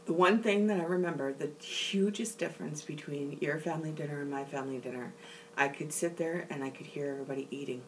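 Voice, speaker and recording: A woman's voice: sits low, quick pace, far from the mic, slight background noise, low-quality recording. A woman co-hosting a podcast, talking earnestly and emphatically about her family and a past relationship. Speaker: podcast co-host. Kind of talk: candid personal conversation.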